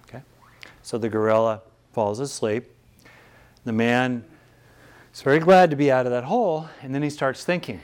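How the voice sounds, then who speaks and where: A man teaching meditation to a live audience. His delivery is thoughtful and searching, with frequent restarts. His voice sits at an ordinary middle pitch. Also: normal speed.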